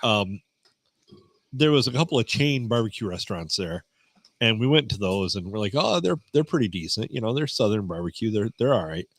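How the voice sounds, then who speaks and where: A man in a podcast studio telling relaxed, rambling anecdotes in casual chat. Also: fairly low pitch, fairly quick, no echo.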